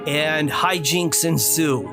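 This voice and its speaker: A male podcast co-host sharing film trivia in casual chat. His voice sits a little high, he leans on fillers, and faint music plays under him. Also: steady tone, slow pace, vocal fry. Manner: informative, filler-heavy.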